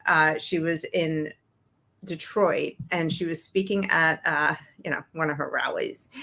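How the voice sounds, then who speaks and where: Woman host, from Brooklyn, fairly low voice, blunt, sarcastic, chatty political commentary. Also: bright, forceful tone. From Brooklyn, New York, USA. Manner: blunt, sarcastic, conversational with fillers.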